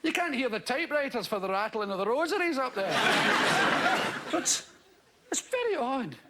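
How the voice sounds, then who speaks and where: Scottish comic on stage, wildly animated voice. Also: male voice, very high voice, normal speed. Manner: rambling, mocking, lively storytelling. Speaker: stand-up comedian. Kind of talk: stand-up comedy routine. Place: theatre stage before a live audience. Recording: loud noisy live stand-up recording with audience laughter.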